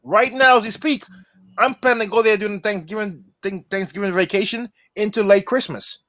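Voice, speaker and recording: A man with a high, bright voice talks with runaway enthusiasm on a podcast livestream. He repeats and restarts his words in his excitement. The sound is dry and close. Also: normal speed, dry recording. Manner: passionate, effusive, restarts often. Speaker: podcast co-host. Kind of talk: excited casual livestream chat.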